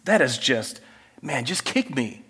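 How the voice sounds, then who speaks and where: A male pastor preaching an expository sermon, reading scripture with loud emphasis and dropping to quiet conversational asides and rhetorical questions. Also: medium pitch, big pitch swings, a little slow, breathy edge, long reverb tail.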